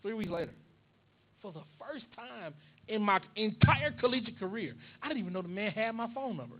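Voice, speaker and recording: A man's voice: sits high, brisk, dull audio. A young man preaching a sermon, telling a family story animatedly and acting out the voices. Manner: animated, acts out dialogue.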